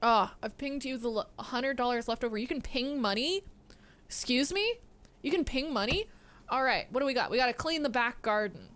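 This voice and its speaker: A woman streaming a game live, chatting casually and excitedly to her chat and the game. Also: fairly high pitch, normal speed.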